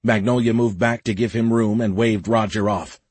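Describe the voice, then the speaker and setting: A man narrating a science fiction audiobook in a steady, measured way. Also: fairly low pitch, slightly rough, dry recording. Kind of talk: scripted narration.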